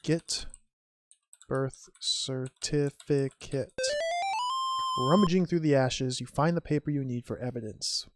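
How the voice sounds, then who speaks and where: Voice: mid-range voice, soft background music. A streamer casually commenting on an old adventure game, musing wryly and reading typed commands and game text aloud. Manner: wry, musing, types commands aloud slowly.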